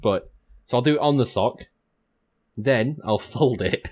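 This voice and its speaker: A man's voice: medium pitch, measured pace, a little mellow. A man co-hosting a casual podcast, laid-back and jokey, swearing casually. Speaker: podcast co-host.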